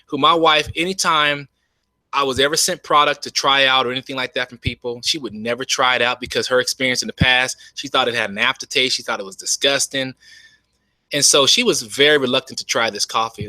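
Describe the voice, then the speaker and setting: Upbeat man pitching online. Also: brisk, bright, forceful tone, no room sound. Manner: enthusiastic, folksy, repeats "you all". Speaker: network marketing presenter. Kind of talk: webinar sales pitch. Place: home. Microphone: webcam.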